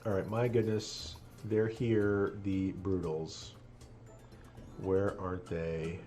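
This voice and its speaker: Earnest low-voiced man, laughing often. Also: little pitch movement, slow pace, dark tone, faint music behind. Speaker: rabbi, streamer. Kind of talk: casual live-stream chat while gaming.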